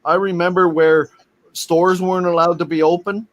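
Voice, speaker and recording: A man's voice: sits high, level tone, moderate pace. A man from Canada in his forties, hosting a casual chat, reacting with frank, swearing remarks.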